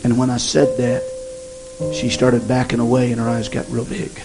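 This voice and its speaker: A man preaches as he retells a story from his own travels, his voice rough and gravelly. He speaks in a folksy, halting way, often circling back to restart a sentence. Music plays clearly behind him the whole time. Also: mid-range voice, steady tone, rough recording. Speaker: evangelist. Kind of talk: sermon testimony storytelling.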